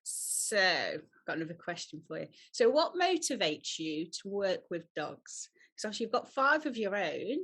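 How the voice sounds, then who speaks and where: Woman host, mid pitch, upbeat and quick to laugh. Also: sing-song, fairly bright tone, breathy edge. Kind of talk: interview hosting.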